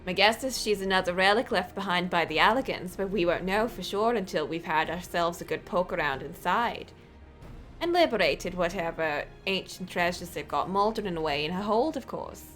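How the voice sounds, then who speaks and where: A woman's voice: on the low side, moderate pace, fairly bright tone, soft background music, close to an everyday voice. A woman reading the lines of a swaggering pirate captain, using folksy pirate slang in a coaxing way.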